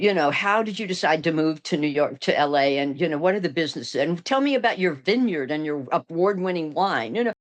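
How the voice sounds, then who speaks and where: An older woman with a fairly low voice tells stories in a casual interview. She is lively and acts out the people she quotes. She laughs often between lines. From Texas. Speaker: guest, actress.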